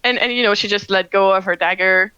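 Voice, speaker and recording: A woman narrating a tabletop game as game master, talking haltingly with lots of fillers. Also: mid-range voice, fairly even intonation, bright, forceful tone, clear, resonant tone, no room sound, dull audio. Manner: halting, many fillers, laughs often.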